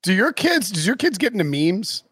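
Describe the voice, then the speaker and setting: A man in his thirties with a slightly high, very lively voice, ranting and mimicking quotes on a casual sports podcast. The sound is dry and close. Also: moderate pace, husky, no room sound. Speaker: podcast co-host.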